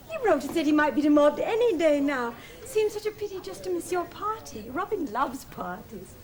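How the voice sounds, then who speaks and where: Chattery party-loving mum, middle-aged, voice way up high and bouncy. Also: female voice. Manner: effusive, chattering. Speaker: mother of grown children. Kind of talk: televised stage drama.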